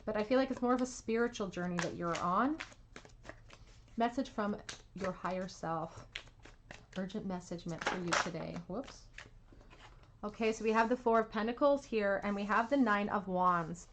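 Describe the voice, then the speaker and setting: A woman giving a pick-a-card tarot reading at home, soothing and reassuring, with soft laughs. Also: mid-range voice, normal speed, long pauses, noisy background. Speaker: tarot reader.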